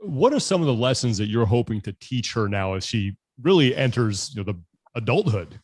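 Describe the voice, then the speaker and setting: A man's voice: mid-range voice, sing-song, brisk, a little mellow, slightly rough, no echo. A man hosting a podcast, asking a guest questions in a casual, friendly way. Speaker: podcast host.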